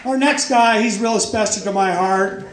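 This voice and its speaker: An older man hands out awards at a banquet in a folksy, joking way. His voice sits high. The echoey hall carries a faint crowd murmur and some background noise. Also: moderate pace. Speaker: awards presenter at a softball banquet. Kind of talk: casual speech at a banquet.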